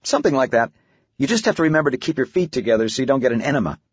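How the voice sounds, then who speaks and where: A man voicing a playful middle-aged father who coaxes his daughter along, speaking a little higher than the narration. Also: big pitch swings, rapid-fire, husky, no echo. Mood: coaxing. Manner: coaxing, lightly raised. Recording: dull, muffled audiobook recording.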